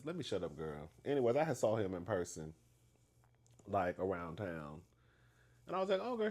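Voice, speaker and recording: Animated, gossipy man spilling the tea. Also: medium pitch. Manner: animated and gossipy, keeps calling the listener "girl"; laughs often between lines. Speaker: vlog host. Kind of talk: casual storytime gossip.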